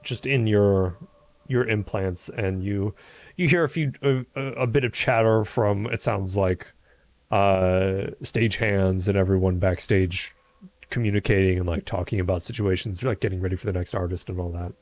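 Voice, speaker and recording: A man's voice: sits low, moderate pace, a little mellow. A man running a tabletop game, describing scenes in a loose way with lots of fillers. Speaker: game master. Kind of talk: casual tabletop narration.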